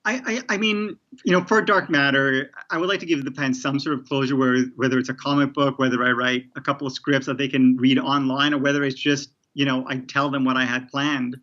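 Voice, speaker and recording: A man's voice: medium pitch, fairly even intonation, a little fast, hardly any pauses, bright, forceful tone, highs cut off. A man being interviewed as a TV showrunner, talking casually with many restarts and fillers. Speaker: TV showrunner guest.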